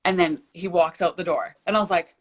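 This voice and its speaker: A woman's voice: fairly low pitch, brisk. A young woman, a shop owner, telling a story as a guest on a video-call interview, acting out the people she quotes. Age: young adult. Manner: animated storyteller, acts out quoted dialogue.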